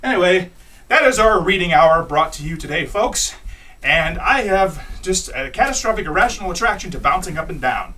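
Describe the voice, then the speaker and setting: A man's voice: a little high, expressive, normal speed, pushed and bright, far from the mic. A man doing a rambling, jokey comic monologue, retelling bits with goofy voices. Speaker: comic host reading letters.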